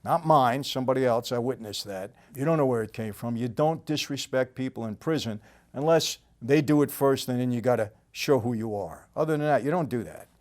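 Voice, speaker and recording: An older man with a New York accent telling a story in a casual, plain-spoken way, often trailing off quietly at the end of a sentence. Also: brisk. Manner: conversational, plain-spoken, drops to a low murmur at line ends. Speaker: storytelling host.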